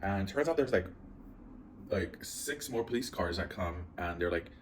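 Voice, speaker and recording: A man's voice: low-pitched, lively intonation, unhurried, a little hiss or hum. A man vlogging at home, telling a long story in a casual, rambling way with lots of fillers. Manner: rambling, filler-heavy, anxious retelling. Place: at home, indoors.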